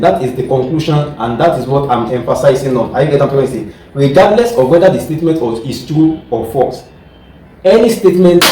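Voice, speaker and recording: A man's voice: on the high side, mellow, echoey room, recorded from a distance, a little hiss or hum, low-quality recording. A male teacher giving a lecture, repeating words and often asking the class whether they follow. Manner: keeps checking "are you getting what I'm trying to say?"; repeats and restarts words while explaining.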